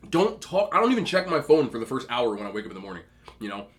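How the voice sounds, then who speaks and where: A man's voice: medium pitch, quick pace. A man in his thirties chatting casually at home, rambling through stories as he eats. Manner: chatty, rambling, animated when telling stories. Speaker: mukbang host. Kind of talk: casual storytelling while eating. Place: indoors at home.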